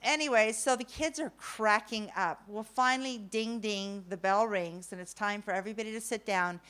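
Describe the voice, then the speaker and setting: A middle-aged woman telling a funny personal story to an audience, animated and self-mocking, swinging from loud to hushed. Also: mid-range voice, normal speed, clean tone.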